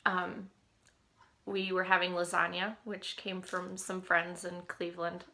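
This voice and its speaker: Emotional woman with a gravelly voice. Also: mid-range voice, pushed and bright. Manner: emotional, often dropping to a whisper. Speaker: caregiver to her husband. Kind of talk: personal video diary.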